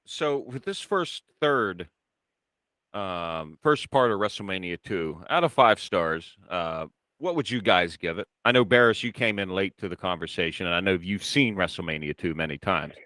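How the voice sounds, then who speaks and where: Lively low-voiced male podcast host. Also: moderate pace, no echo. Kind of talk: casual chat.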